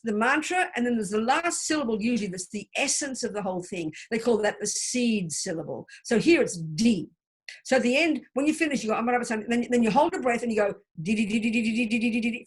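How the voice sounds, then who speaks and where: A woman's voice: medium pitch, breathy edge. A woman teaching a Buddhist study group over a video call, explaining mantras and leading recitation. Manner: warm explanatory teaching, chants mantra syllables for listeners to repeat.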